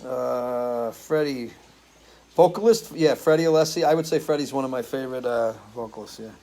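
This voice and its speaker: A man's voice: mid-range voice, moderate pace, mellow, low-quality recording. A man in casual chat reads out viewers' comments and answers them one by one. He talks loosely and easily, like a regular host, with an odd swear word thrown in. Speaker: singer hosting a live stream.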